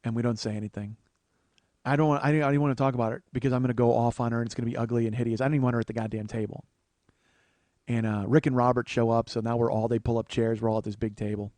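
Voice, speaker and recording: A man in his forties tells a long comic story as a podcast host. His speech is rambling and profane, with sudden rants. His pitch sits mid-range and the recording is dry and close. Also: flat delivery, racing, darkish tone, dry recording. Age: 40s. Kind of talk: storytelling monologue.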